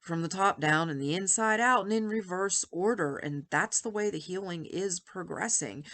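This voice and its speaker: A woman's voice: fairly low pitch, fairly bright tone. A woman in her fifties talking candidly and with feeling in a personal health vlog, rambling at times. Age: 50s. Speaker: vlogger.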